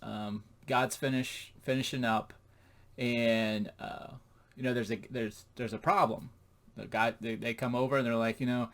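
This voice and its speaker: A man's voice: mid-range voice, fairly even intonation, a little slow, a bit bright. A man casually reviewing a comic book, rambling and laughing at its jokes.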